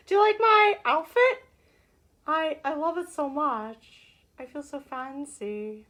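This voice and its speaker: Bubbly high-voiced woman hosting a live chat. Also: slow, bright, forceful tone. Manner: bubbly, greets viewers by name with sing-song calls. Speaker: show host. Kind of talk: casual live-stream chat.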